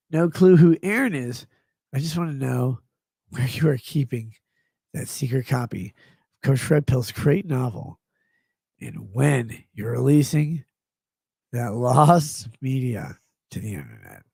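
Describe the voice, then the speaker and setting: A man's voice: a little high, creaky, a little mellow, husky, no room sound. A man hosting a livestream, reading chat messages aloud and rambling in a profane, jokey way. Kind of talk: casual rambling stream chat.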